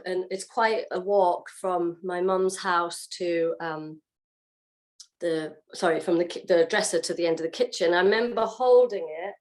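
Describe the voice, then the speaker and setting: A woman, a guest on an interview show, telling her personal story in a casual way and acting out her own past reactions. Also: fairly low pitch. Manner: animated, acts out what she said and felt. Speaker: guest sharing her testimony.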